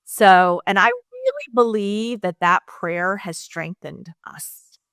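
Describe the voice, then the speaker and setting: A woman's voice: mid-range voice, takes it slowly, clear, resonant tone, no room sound, studio quality. A middle-aged woman telling a personal story candidly and with feeling as a podcast guest, speaking straight to the listeners. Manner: emotional, animated, talks to listeners directly.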